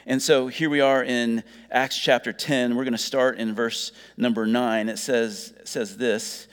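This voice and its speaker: Man, middle-aged, pastor, casual preaching, restarts words, mid pitch, reverberant church hall. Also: level tone, measured pace, clean tone. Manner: conversational, joking asides, restarts words. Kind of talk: sermon.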